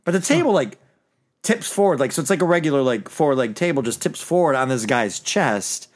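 A man's voice: a little high, sing-song, fairly quick. A man hosting a casual movie review chat, rambling through scene recaps and laughing as he goes.

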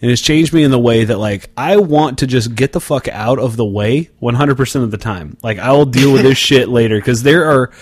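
A man's voice: medium pitch, brisk, few pauses, breathy edge, no echo. Profane sarcastic man riffing. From Oklahoma. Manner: sarcastic, profane, plays mock drive-thru clerk. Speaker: podcast co-host. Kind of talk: casual banter.

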